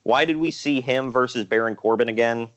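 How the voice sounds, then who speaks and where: A man's voice: medium pitch, brisk, dull audio. A man co-hosting a casual wrestling podcast, ranting and joking and quoting people in mocking voices. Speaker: podcast co-host.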